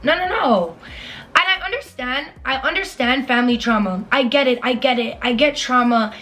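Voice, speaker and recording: A woman's voice: high voice, a little fast, pushed and bright. A young woman giving blunt, emphatic relationship advice in a casual vlog, repeating her points and swearing freely. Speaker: advice vlogger.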